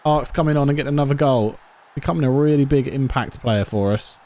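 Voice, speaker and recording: Male gamer commentating a football sim, mellow tone, excitable swings. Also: mid-range voice, brisk. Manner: excitable, shouts at the match then drops to quiet musing. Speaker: gaming YouTuber. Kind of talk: casual commentary over a football management game.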